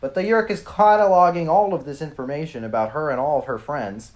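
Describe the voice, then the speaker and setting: A man's voice: a little high, a little fast. A man co-hosting a podcast, casually recapping a book with wry, profane humor. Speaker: podcast co-host.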